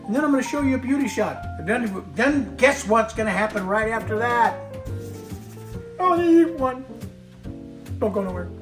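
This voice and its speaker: This cooking show host talks a little fast in a high voice, barely pausing at all. In his kitchen demo he jokes and chats straight to the audience, with background music underneath.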